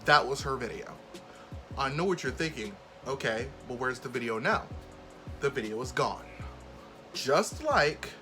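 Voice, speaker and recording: A man's voice: fairly high pitch, fairly bright tone. A man hosting a casual commentary vlog, talking bluntly and openly indignant. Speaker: commentary YouTuber, host.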